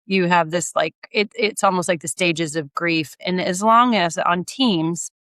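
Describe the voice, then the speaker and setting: A middle-aged woman co-hosting a casual podcast, who chats reflectively and throws in quick dry jokes. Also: fairly low pitch, fairly bright tone, dry recording. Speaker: podcast co-host. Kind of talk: casual chat.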